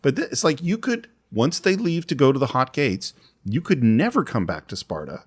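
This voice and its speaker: A man's voice: medium pitch, big pitch swings, moderate pace, breathy edge. A man co-hosting a movie podcast, animatedly retelling scenes with acted quotes in a casual chat. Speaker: podcast co-host.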